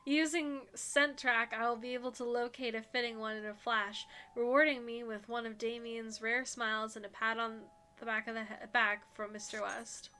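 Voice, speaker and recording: A woman streamer reading a visual novel aloud on stream, with an animated, giggly manner and chatty asides to her audience. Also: on the high side, normal speed, few pauses, clean tone, faint music behind.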